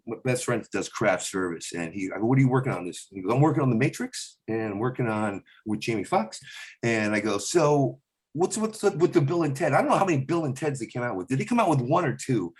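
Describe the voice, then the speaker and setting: A male stand-up comedian with a mid-range voice tells a rambling, animated story, often restarting sentences and dropping in quick celebrity impressions.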